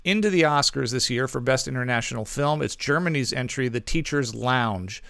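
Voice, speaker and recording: A man's voice: medium pitch, moderate pace, creaky, fairly bright tone, clear, resonant tone, no room sound. A man co-hosting a movie podcast, giving casual reviews in a rambling way, full of ums and self-corrections.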